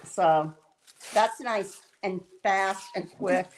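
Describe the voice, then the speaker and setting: A medium-pitched woman draws out her words while hosting a livestream and cooking, chatting with viewers in a rambling way, often laughing and restarting. The audio is poor, with a little hiss or hum.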